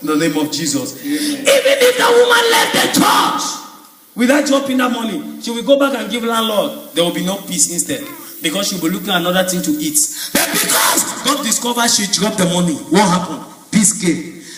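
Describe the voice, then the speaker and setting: A man, a pastor preaching a sermon with animated storytelling, sudden shouts and spoken sound effects. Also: sits high, brisk, far from the mic. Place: church. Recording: echoey church hall with music, crowd.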